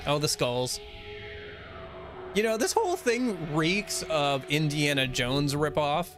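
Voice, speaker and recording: An American man chats wryly while playing a video game on stream. His voice sits a little high, and faint game music runs in the background. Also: very animated, slow. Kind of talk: casual gameplay commentary.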